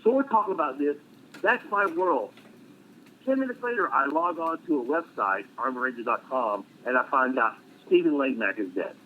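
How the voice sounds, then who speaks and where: A middle-aged military veteran telling a story casually, blunt and profane with dark humor. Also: male voice, mid-range voice, expressive, moderate pace. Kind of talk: casual storytelling on a live stream. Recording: tinny phone-like line with faint noise.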